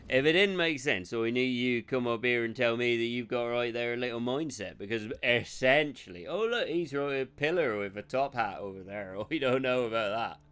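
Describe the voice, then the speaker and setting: A man's voice: medium pitch, moderate pace, few pauses, a bit bright, clear, resonant tone. A man streaming a video game, rambling, joking and swearing freely as he plays. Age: adult. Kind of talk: live gameplay commentary.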